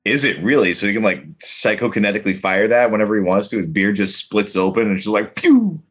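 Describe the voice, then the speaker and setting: Male podcast co-host, deep voice, knowledgeable, lively. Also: fast talker, slightly rough, soft background music. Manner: knowledgeable, animated, detail-heavy. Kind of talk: casual chat.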